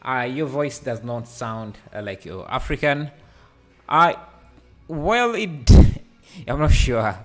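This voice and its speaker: A man hosting a live software tutorial, hesitant and full of fillers, laughing easily as he reads the chat. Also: medium pitch, expressive, takes it slowly, soft background music. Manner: hesitant, many fillers and restarts. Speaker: livestreaming 3D tutor. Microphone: headset.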